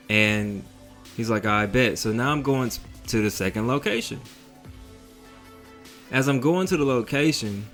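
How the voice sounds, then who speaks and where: A man telling a story in a casual vlog, in a slangy, profane, animated way. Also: lowish voice.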